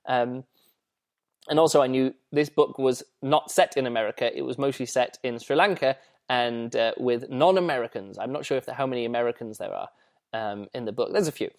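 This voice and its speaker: A man's voice: mid-range voice, fairly quick. An English man hosting a podcast, reviewing a book in a rambling, chatty way with lots of fillers and restarts. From England. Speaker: podcast host.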